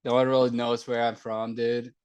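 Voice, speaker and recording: A man's voice: mid-range voice, flat delivery, moderate pace, a little mellow, clear, resonant tone, highs cut off. Laid-back young man from Georgia. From country of Georgia. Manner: laid-back, joking, slangy. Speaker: podcast guest. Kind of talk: casual chat.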